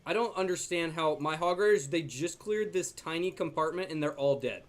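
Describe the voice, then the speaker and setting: At normal speed and a fairly high pitch, a young gaming YouTuber hosts a video commenting casually on his own play. He's jokey and talkative, and he uses a gentle baby voice with his dog.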